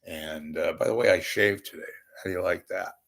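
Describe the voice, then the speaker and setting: A hoarse, congested man with a crackling voice, hosting his own show in a rambling comic monologue, joking at his own expense and swinging from loud to hushed. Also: sits low, a little fast. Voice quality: gravelly, crackling. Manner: wisecracking, self-deprecating, swings from loud to hushed. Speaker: podcast host asking for donations.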